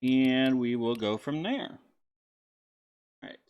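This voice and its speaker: A man's voice: mid-range voice, lively intonation, slow, darkish tone, clear, resonant tone. A man hosting a let's-play video, talking casually and rambling with lots of fillers and restarts as he sets up a game. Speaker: gaming channel host.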